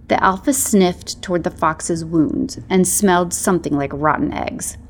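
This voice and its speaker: A woman narrating a storybook tale in a measured, soft-spoken way. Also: on the low side.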